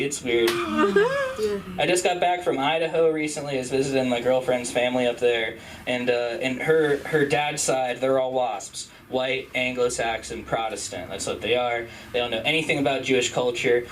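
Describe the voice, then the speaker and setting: A young man from Utah doing rambling, self-deprecating stand-up at an open mic, jumping into high squeaky voices for the people he quotes. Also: lively intonation, moderate pace, far from the mic, over a noisy crowd, rough recording. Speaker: stand-up comedian. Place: comedy club stage.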